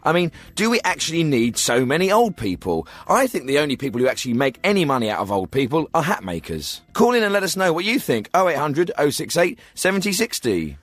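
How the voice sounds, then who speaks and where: A smug, glib radio host. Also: male voice, fairly high pitch, big pitch swings, fairly quick, few pauses, dry recording. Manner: pompous and glib, with offhand insults. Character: smug, tactless male radio phone-in host. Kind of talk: comedy radio phone-in. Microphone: studio microphone.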